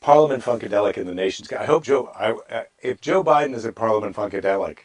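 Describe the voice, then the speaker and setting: A man's voice: fairly low pitch, expressive, fast. Wry rambling male comedian. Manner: wry, rambling asides, mock-dramatic readings. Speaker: comedian hosting a daily live stream. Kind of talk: casual comedic chat with Bible reading.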